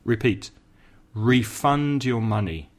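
Slow, deliberate male English teacher. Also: mid-range voice, expressive. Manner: slow, deliberate, repeats phrases for learners; adds brief Spanish glosses. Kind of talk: language lesson.

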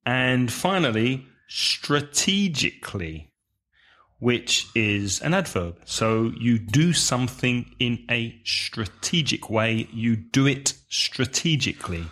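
Man, slow-paced, careful, podcast teacher, breaks words into syllables. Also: mid-range voice, lively intonation, fairly bright tone. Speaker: podcast co-host, English teacher.

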